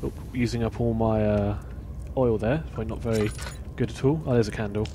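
A man's voice: on the low side, steady tone, fairly quick, noisy background. A man hosting a let's play, giving casual gameplay commentary and muttering asides to himself.

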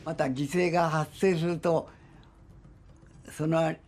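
A man's voice: on the high side, flat delivery, moderate pace, background noise. A man in his nineties from Japan, a former soldier, recalling the past in an earnest, reflective way. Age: 90s. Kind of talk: interview recollection.

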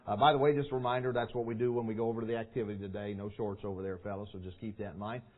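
A man preaching a sermon to young people, telling a story with lively acting, shouts and sound effects. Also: on the low side, racing. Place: large meeting hall. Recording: tinny phone-like sound.

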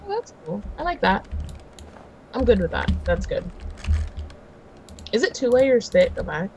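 A woman from California chatting casually while playing a video game, excitable and quick to gasp and laugh. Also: fairly high pitch, background noise. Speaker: co-host of a gaming series. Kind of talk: casual let's-play chat.

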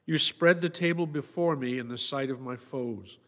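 A man, a priest, reciting the Mass readings and psalm in a measured, formal way in a church. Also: medium pitch, a bit bright. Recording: long church reverb.

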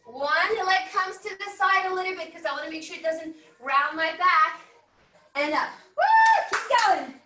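A woman fitness instructor with a very high voice and sharp tone coaches at a moderate pace during an online workout, working out as she goes. Slightly breathless, she keeps things upbeat with whoops and cheers. Her laptop mic on the video call sits at a distance, giving a roomy, far-off sound.

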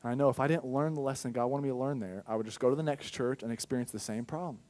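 A young man giving a personal testimony sermon as a pastor in a church, telling his story candidly with sudden loud bursts. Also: mid-range voice, racing.

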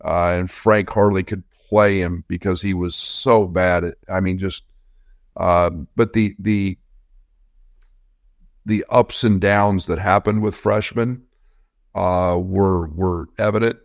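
A middle-aged man, a former coach, telling a casual story in halting bursts with many restarts. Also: low-pitched, fairly even intonation, dry recording, studio quality. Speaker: former assistant coach, guest.

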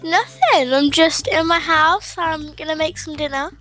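A woman puts on a high-pitched young friend who dodges questions. The voice is bright and swoops up and down. Faint background music plays under it. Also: unhurried. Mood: evasive. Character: young woman friend hiding a theft, evasive.

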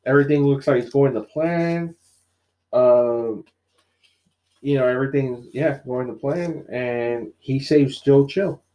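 Recapping a comic on a podcast he co-hosts, a man tells the plot with animation and quotes its characters, with plenty of fillers in his casual talk. He has a mid-range voice and an unhurried pace.

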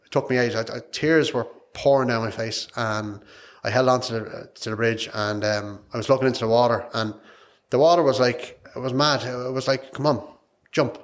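A man's voice: mid-range voice, steady tone, brisk. An Irish man, a podcast guest, telling a personal story in a frank, emotional, rambling way, repeating his words. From Ireland.

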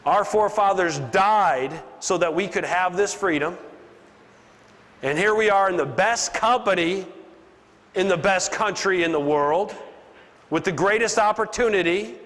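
High-voiced man preaching in a hall. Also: fairly bright tone. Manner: preachy, punchy, drops into a low voice for emphasis. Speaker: business speaker. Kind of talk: motivational seminar speech. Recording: long hall reverb, faint ambience.

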